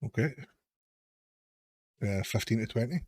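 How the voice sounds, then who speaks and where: A man's voice: lowish voice, animated, unhurried, darkish tone, slightly rough, no room sound. A man narrating a tabletop game as game master, in a rambling, hesitant way full of restarts.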